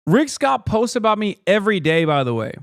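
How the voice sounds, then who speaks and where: A man's voice: sits high, sing-song, fairly quick, no room sound, studio quality. A man streaming live, commenting sarcastically and mocking his critics.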